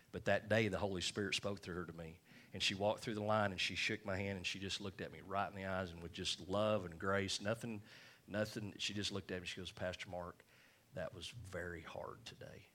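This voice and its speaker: A man's voice: low-pitched, fairly bright tone. A male pastor preaching a sermon in church, repeating phrases and checking in with the congregation with "all right?".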